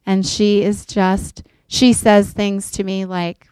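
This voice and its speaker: A middle-aged woman speaks earnestly to a gathered group, recounting a counseling story. Her voice is smooth and resonant, recorded dry and close. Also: medium pitch, flat delivery, slow, darkish tone, no room sound. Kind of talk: faith-based talk to an audience.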